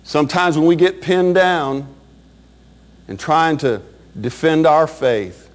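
A man's voice: fairly high pitch, slow, pauses often. A man preaching a Baptist sermon with a fervent, rising and falling cadence.

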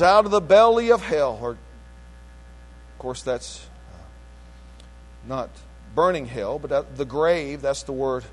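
A man preaching a sermon in a call-and-response style, swinging between shouted lines and low, quiet passages. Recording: long hall reverb.

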